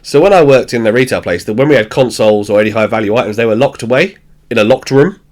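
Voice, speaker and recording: A man retells a sitcom episode in casual podcast chat. His voice sits at a middling pitch, and he swears freely, laughs often and acts out the characters as he goes. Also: fast talker, a little mellow. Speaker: podcast host. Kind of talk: casual chat recapping a show.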